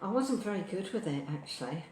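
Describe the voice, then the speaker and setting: Cheery British woman cooking in an echoey kitchen, natter over clattering dishes, mid-pitched and warm-hearted, chatty. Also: sing-song, brisk, a little hiss or hum. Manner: cheerful, rambling, cheeky asides, bursts of loud whoops. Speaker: cooking show host. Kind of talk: chatty live cooking stream. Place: home kitchen.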